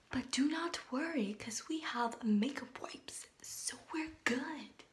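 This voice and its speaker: A woman's voice: fairly high pitch, creaky, darkish tone. A young woman with a morning voice, chatting casually and a bit hesitantly through her makeup routine at home. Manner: chatty, hesitant, thinking aloud. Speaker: beauty vlogger. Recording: echoey room, mic at a distance. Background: shower running in another room.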